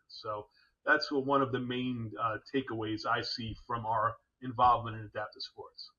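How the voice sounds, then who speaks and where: Male clinician guest, tense bright voice on muffled audio, spins anecdotes. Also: mid-range voice, moderate pace. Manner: animated storyteller, acts out quoted voices. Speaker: prosthetics clinician. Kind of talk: anecdotal storytelling in a podcast.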